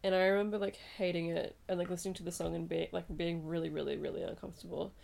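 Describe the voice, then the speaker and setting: A woman's voice: fairly low pitch, fast talker, vocal fry. A young woman in her twenties from Australia, co-hosting a podcast in casual, chatty talk, sleepy late at night. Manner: relaxed, chatty, swears and giggles. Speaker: podcast co-host. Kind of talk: casual chat.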